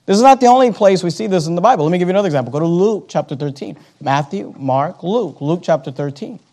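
A man preaching a sermon, emphatic, slowing down on key words, repeating phrases and turning to the congregation with asides. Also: sits high, animated, dark tone.

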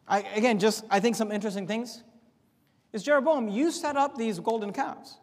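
A man preaching a sermon as pastor, emphatic, swinging from loud to low. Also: expressive, moderate pace. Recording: long hall reverb.

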